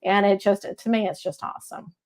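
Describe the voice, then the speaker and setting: A middle-aged woman with a Texas accent, a medium hosting a casual live-stream reading. She talks in a chatty, warm-hearted way and often checks in with "okay?". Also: medium pitch, fairly even intonation, fairly quick. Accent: Texan. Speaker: psychic medium host.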